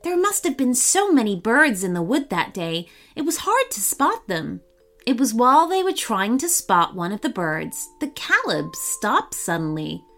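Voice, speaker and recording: Female kids' storyteller, slow and very expressive read-aloud, faint music under. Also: on the high side. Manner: warm, animated and expressive. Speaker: children's storyteller.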